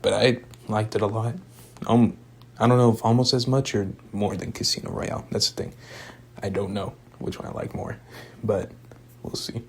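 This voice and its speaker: A man's voice: lowish voice, steady tone, normal speed, slight background noise. A young man casually recapping a movie in a rambling, laid-back way, full of fillers like "like" and "um". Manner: laid-back, chuckles now and then. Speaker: movie reviewer. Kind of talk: casual spoken movie review.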